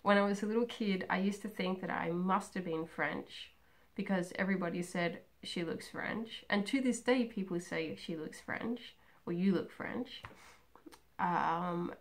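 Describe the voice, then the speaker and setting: A young woman chatting casually and rambling about herself in a home video, with many pauses and "um"s. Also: fairly low pitch. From Australia. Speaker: craft vlogger. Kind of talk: casual personal chat.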